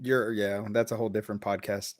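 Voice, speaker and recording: A man's voice: lowish voice, little pitch movement, quick pace, dry recording, studio quality. A man hosting a casual podcast, talking loosely, swearing and laughing often. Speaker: podcast host.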